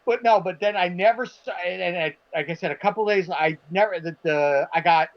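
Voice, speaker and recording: High-voiced man telling a story. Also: brisk. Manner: animated, acts out quotes, swears. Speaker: podcast co-host. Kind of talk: casual storytelling chat. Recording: dull lo-fi stream audio.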